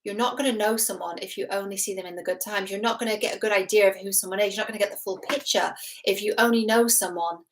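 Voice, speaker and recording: A woman in her thirties talks straight to camera as a relationship expert, walking through a show's couple with earnest, analytical care. Her voice sits in an ordinary middle pitch, and she often pauses on fillers and restarts her sentences as she thinks aloud. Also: steady tone, a little hiss or hum. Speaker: relationship expert and show host. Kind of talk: casual reaction commentary to camera.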